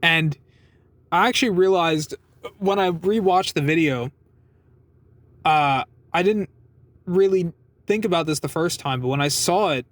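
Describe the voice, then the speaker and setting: A man's voice: on the high side, unhurried, long pauses, no room sound. Rambling, swearing young man telling a story. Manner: rambling, swears a lot, laughs while telling. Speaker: vlogger telling a work story. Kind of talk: casual storytelling.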